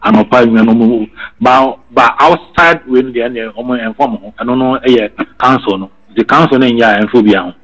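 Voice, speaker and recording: A Ghanaian man with a husky, breathy voice holds a casual chat. He slips between Twi and English and doubles back on his words. His pitch sits in a middle range. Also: moderate pace, a bit bright, low-quality recording. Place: living abroad in England.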